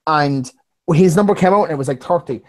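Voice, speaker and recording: Podcast co-host, casual chat, very fast pace, blunt, mid pitch. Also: no echo. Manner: quick, blunt and swearing.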